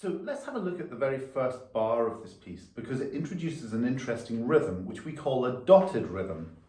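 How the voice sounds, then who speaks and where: A man's voice: medium pitch, sing-song, moderate pace, a little mellow. A man giving a violin lesson, patiently explaining rhythm and counting the beats aloud. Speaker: violin teacher. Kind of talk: music lesson. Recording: echoey room.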